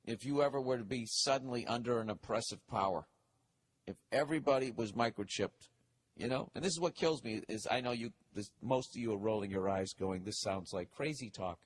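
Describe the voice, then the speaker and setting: A man's voice: medium pitch, a little fast, slight background noise. A middle-aged man hosting a podcast, ranting casually and reading listener letters aloud with profane, mocking asides.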